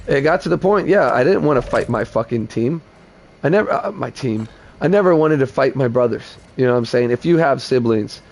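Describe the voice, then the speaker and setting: A man's voice: medium pitch, darkish tone, a little hiss or hum. A man telling a heated personal story in blunt, profane talk while playing a game on stream. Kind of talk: casual gaming stream storytelling.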